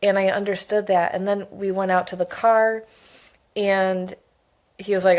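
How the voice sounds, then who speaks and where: Woman, 30s, chatty and excitable, casual monologue, rambling stories. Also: medium pitch, moderate pace. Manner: chatty and enthusiastic, rambling storytelling. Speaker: essential oils educator.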